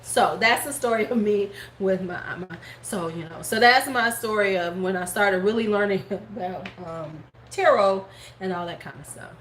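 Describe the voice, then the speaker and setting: A middle-aged woman hosting a live stream, casually telling a story in animated fashion, swearing freely and acting out her relatives' words. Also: mid-range voice, moderate pace. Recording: roomy echo, faint background noise.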